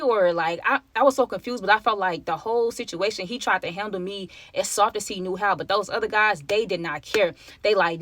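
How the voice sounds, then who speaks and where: A woman's voice: medium pitch, fairly quick, few pauses, fairly bright tone, no echo. Woman telling a dramatic storytime. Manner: emotional storytime, addresses viewers as y'all. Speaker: vlogger. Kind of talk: casual storytelling to camera.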